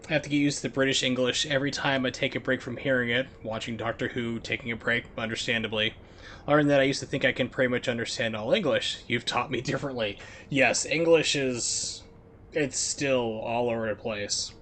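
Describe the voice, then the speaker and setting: A man's voice: mid-range voice, fairly even intonation, a little fast, a bit bright, a little hiss or hum. Chatty American man streaming a game. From United States. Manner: rambling, filler-heavy, chatty. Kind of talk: casual chat while gaming.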